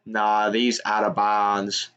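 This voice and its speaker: A young man giving live reaction commentary on a college football game, excitable and shouting at big plays. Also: lowish voice, takes it slowly, lo-fi sound. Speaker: sports streamer.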